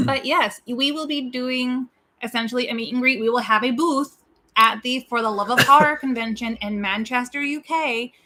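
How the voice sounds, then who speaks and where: A woman from Pasadena co-hosting a casual horror livestream, chatty and quick to laugh. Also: a little high, pushed and bright. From Pasadena, California. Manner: chatty, laughs easily, announces plans. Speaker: co-host of a horror watch-party livestream.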